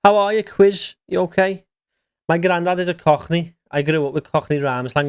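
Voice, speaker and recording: A man livestreaming a game, with a slightly higher-pitched voice. He chats bluntly and casually, swearing freely and chuckling as he answers his viewers. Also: moderate pace, clean tone. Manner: blunt, swearing, reads chat aloud, chuckles often. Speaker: streamer. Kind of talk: casual livestream chat while gaming.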